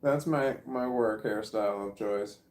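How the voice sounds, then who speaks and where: A Midwestern American man with a lowish, slightly mellow voice vlogs at a measured pace, rambling, putting himself down, and losing the thread. A phone or camera close at hand picks him up in an echoey room.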